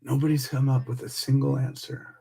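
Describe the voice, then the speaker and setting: A man's voice: mid-range voice, little pitch movement, a little fast, creaky, mellow. An American man hosting a radio show, delivering a fiery, preachy monologue full of rhetorical questions and emphatic repetition.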